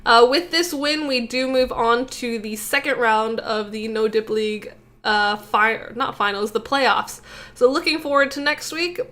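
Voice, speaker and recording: A woman's voice: a little high, unhurried, fairly bright tone. A young woman hosting a gaming video, giving a casual, upbeat commentary recap of a strategy game attack. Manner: upbeat, chatty recap with fillers.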